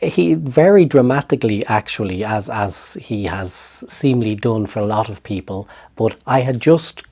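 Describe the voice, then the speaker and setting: A middle-aged Irish man, a therapist, recounting a personal story in an interview with lively restarts. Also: on the low side, moderate pace, few pauses. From Ireland. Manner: animated storytelling with hesitant restarts. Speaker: guest, therapist.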